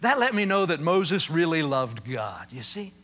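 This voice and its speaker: A male preacher with a fairly high, bright voice gives a sermon. His pitch swings widely as he tells the story with humor, slipping into the voices of the people he quotes. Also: sing-song, moderate pace.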